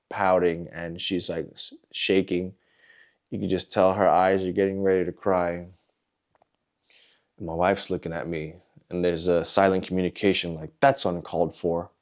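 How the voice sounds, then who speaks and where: A man hosting a podcast, telling a personal story in a candid, introspective way, in short halting phrases. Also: low-pitched. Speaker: podcast host.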